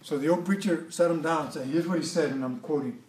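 A man's voice: on the high side, fast, a little mellow, roomy sound, recorded from a distance, low-quality recording. A man preaching a sermon in a conversational way, often repeating words and adding asides to his listeners. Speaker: pastor.

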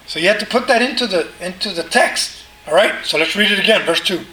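A man's voice: sits high, expressive, fairly quick, bright, forceful tone. A man preaching a sermon to a congregation, talking casually and asking the listeners questions. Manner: conversational, asks the congregation questions. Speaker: pastor. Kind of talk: sermon teaching. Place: church hall with congregation. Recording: roomy hall sound with faint noise.

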